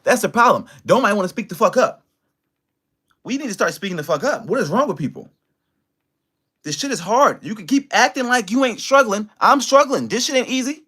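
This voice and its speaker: Brief: a high-voiced American man on a livestream, furious and profane, talking straight to his chat. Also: animated, fairly quick, husky. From United States. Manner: heated and profane, with big swings in pitch and loudness. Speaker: livestream host. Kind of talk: angry livestream rant.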